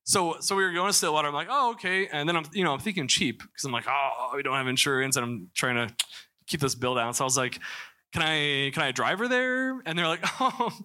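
Very bright-voiced young man from Missouri. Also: mid-range voice, fast talker. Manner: candid storytelling with many restarts and fillers. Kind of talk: personal testimony in a church talk.

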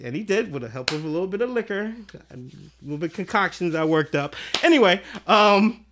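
A man spins a loose, profane story on a casual podcast, slipping in and out of the voices of the people involved. His voice sits a bit high for a man and sounds bright and forceful. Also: a little fast, a little hiss or hum. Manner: animated, profane storyteller who acts out quotes. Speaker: podcast guest.

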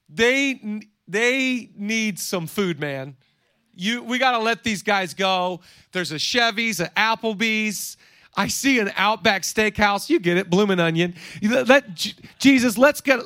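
A man in his thirties preaching a sermon in a playful, energetic way, joking and acting out quotes from the story. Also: high voice, unhurried, no echo, studio quality. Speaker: pastor. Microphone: seated on a stool.

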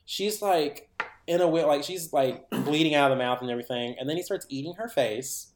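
A man's voice: fairly high pitch, fairly quick. Man rambling through a movie retelling. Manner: animated rambling retelling full of "like"s. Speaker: podcast co-host. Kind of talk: casual chat. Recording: roomy echo.

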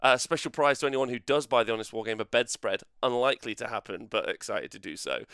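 A man's voice: mid-range voice, quick pace, a bit bright, clear, resonant tone, dry recording, studio quality. A man hosting a casual podcast chat, joking around and laughing often. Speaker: podcast host.

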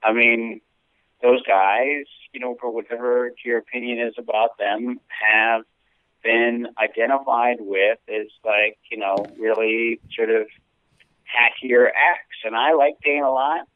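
A male comedian co-hosting a podcast who gets animated as he vents, his pitch leaping around. His voice comes through thin and phone-like. The sound is dry, with no room. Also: measured pace, clean tone, no room sound. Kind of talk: casual chat. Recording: tinny phone-like line.

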